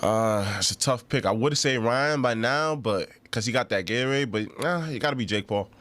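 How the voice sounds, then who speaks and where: A man's voice: mid-range voice, moderate pace, fairly bright tone. A man with a New York accent co-hosting a podcast, talking in a laid-back, slangy way and laughing often. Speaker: podcast co-host. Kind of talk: casual podcast banter.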